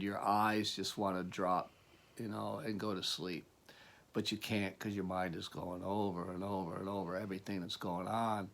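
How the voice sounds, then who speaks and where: A man's voice: on the low side, creaky. A man giving a motivational talk as a life coach, earnest and rambling, with many restarts.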